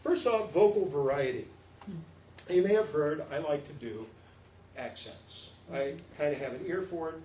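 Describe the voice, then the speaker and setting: An American man giving a lively, demonstrative storytelling workshop to a live audience, playing with pitch and pace. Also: normal speed, a little hiss or hum. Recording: echoey room, voice from far off.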